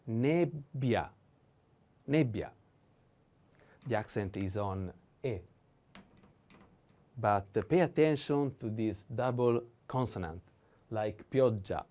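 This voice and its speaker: A man's voice: on the low side, a little mellow. A man with an Italian accent teaching a whiteboard lesson, pronouncing each word several times and explaining in non-native English.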